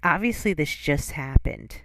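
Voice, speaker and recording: A woman's voice: deep voice, expressive, unhurried, dry recording. A woman giving reaction commentary on a clip, blunt and scolding toward the streamer she is watching.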